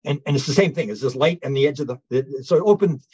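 A man being interviewed as a guest researcher, telling a long story in an animated way, often restarting his sentences. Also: mid-range voice, fast, breathy edge, dry recording, muffled recording.

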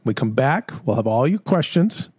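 A man's voice: medium pitch, sing-song, moderate pace, darkish tone, husky, no echo, studio quality. A middle-aged man co-hosting a chat show, rambling and joking at his own expense. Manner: rambling, self-mocking, jokey. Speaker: podcast co-host. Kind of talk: casual chat.

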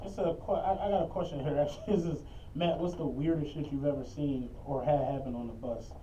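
A man, a podcast co-host and bus driver, telling stories in a loud, animated, profane way. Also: on the high side, fast talker, a little hiss or hum. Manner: animated, profane, acts out quotes. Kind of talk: casual storytelling chat. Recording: muffled lo-fi audio from a distant mic.

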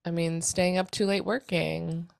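A woman's voice: on the low side, a little slow, vocal fry, no room sound, studio quality. Woman telling a chaotic day story. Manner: animated storytelling with casual swearing; acts out others' lines in quoted voices. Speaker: podcast co-host. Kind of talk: casual chat.

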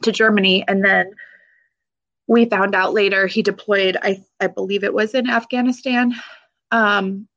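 A woman veteran speaks in an interview, her voice catching with emotion as she pauses, restarts and laughs nervously. Her pitch sits in an ordinary middle range, and the recording has a slightly dull, lo-fi quality. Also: steady tone, fairly bright tone. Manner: halting, emotional, with frequent fillers and nervous laughs. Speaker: military veteran guest.

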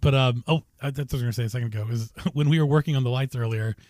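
A man's voice: medium pitch, rapid-fire, a little mellow, no echo, clean studio sound. A middle-aged man hosting and editing a casual family podcast, chatting with enthusiasm. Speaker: podcast host and editor.

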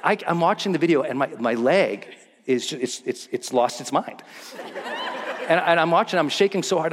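A man's voice: a little high, moderate pace, in a large hall, slight background noise. A man telling a personal story as a motivational speaker on stage, acting out the scenes. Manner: animated, acts out scenes and voices. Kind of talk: storytelling keynote talk.

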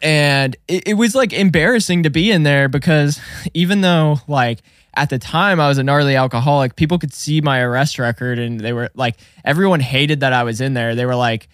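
A young man telling stories on a casual podcast, swearing freely and animated as he talks. His voice sits a little high for a man, and the sound is dry and close. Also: a little fast, no room sound. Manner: profane, animated storytelling. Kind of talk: casual storytelling chat.

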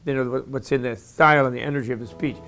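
A man giving an earnest, measured talk on spiritual ideas. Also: mid-range voice, fairly even intonation, over music.

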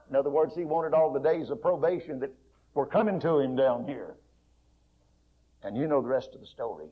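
A male preacher retelling a story in a folksy, dramatic sermon, swinging between soft, quiet passages and loud, raised ones. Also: mid-range voice, normal speed. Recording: muffled lo-fi recording.

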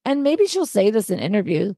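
A woman's voice: medium pitch, sing-song, a little fast, mellow, no echo, studio quality. A woman co-hosting a casual podcast chat, talking in a reflective, chatty way with trailing fillers. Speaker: podcast co-host.

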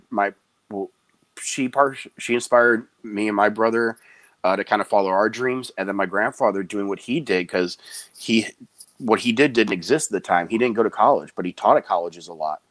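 Low-voiced man telling clown stories. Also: dry recording. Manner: animated storyteller, does quick high voices for quoted people. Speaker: guest, clown performer. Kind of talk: casual interview chat, storytelling.

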